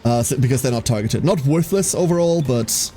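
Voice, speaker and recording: Male streamer, casual sweary play-by-play, lively up-and-down delivery. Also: medium pitch, brisk, faint music behind. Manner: sweary, wry play-by-play with laughs. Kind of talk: casual gaming commentary.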